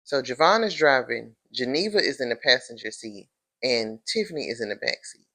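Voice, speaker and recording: Sassy woman recapping a TV episode. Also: a little fast. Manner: sassy and animated, jumping into high-pitched impressions of characters; calls the listener honey, girl and y'all. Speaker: TV episode reviewer. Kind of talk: casual recap chat.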